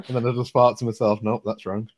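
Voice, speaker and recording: A man's voice: medium pitch, level tone, fast talker, darkish tone. A man hosting a casual live-stream chat, joking and laughing as he goes. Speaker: host.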